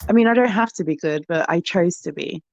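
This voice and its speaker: A woman hosting a livestream, answering a caller in a deadpan way and reading out chat comments. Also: lowish voice, fairly quick, gravelly, dry recording, dull audio. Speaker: livestream host.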